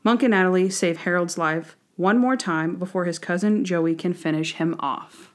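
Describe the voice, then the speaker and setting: A woman's voice: on the low side, normal speed. A woman co-hosting a podcast, first narrating an episode summary, then chatting about it animatedly with frequent laughs. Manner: animated, laughs often, acts out quotes. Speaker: podcast co-host. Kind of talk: casual chat recapping a TV episode.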